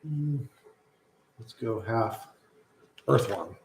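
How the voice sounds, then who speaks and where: A man streaming live, chatting loosely with lots of swearing and cooing softly to his pet. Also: medium pitch, animated, very slow, reverberant, a little hiss or hum, low-quality recording. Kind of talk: casual live-stream chat.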